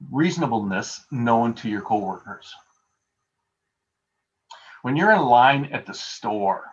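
A man delivering a sermon at a mid pitch, speaking in an easygoing, anecdotal way and poking fun at himself. The sound is muffled and lo-fi, like audio from a video call. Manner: conversational, anecdotal, self-deprecating. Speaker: pastor.

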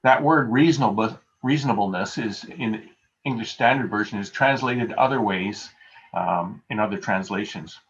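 A man's voice: on the low side, normal speed, a bit bright. A male pastor giving a conversational sermon over a video call, telling everyday stories with a self-deprecating touch. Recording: dull lo-fi video call audio.

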